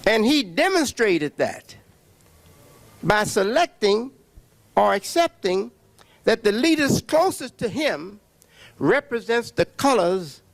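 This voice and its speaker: A man giving a preaching religious lecture, emphatic, with long pauses and repeated words. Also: high-pitched, creaky, no room sound. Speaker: religious speaker.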